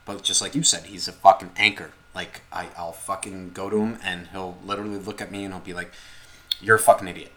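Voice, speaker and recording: Podcast co-host, male, lowish voice, swears constantly, rambles with energy. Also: a little fast, few pauses, low-quality recording. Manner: profane, rambling, animated storytelling. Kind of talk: casual chat.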